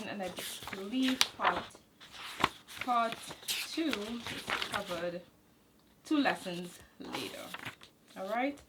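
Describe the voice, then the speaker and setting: A woman's voice: medium pitch, a bit bright, a little hiss or hum, poor audio. Woman casually explaining a homeschool lesson. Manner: casual, explanatory, with fillers and self-corrections. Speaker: homeschool channel host. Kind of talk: walking through a curriculum manual.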